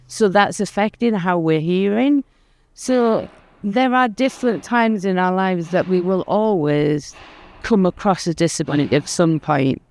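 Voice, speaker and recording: Male panelist, somewhat high voice, smooth tone, earnest, measured. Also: darkish tone. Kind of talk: panel talk. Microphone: handheld microphone.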